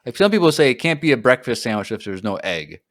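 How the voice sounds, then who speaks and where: A man's voice: mid-range voice, sing-song, fast talker, dry recording, studio quality. A man co-hosting a podcast, chatting casually and self-deprecatingly with plenty of fillers. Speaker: podcast co-host.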